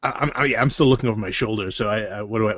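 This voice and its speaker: A man's voice: lowish voice, rapid-fire, a bit bright, no echo. A man playing a tabletop game, stammering and flustered as he describes his character. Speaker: player. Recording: dry lo-fi audio.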